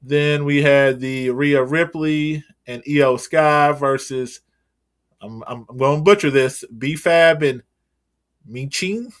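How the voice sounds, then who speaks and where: A man's voice: a little high, steady tone, slow. Rambling casual man recapping wrestling. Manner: loose, rambling, swears casually. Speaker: podcast co-host.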